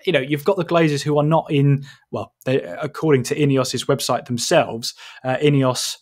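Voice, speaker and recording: A man's voice: mid-range voice, steady tone, moderate pace. A man hosting a sports podcast in casual chat, steering the talk and posing questions, often restarting his phrases. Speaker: podcast host.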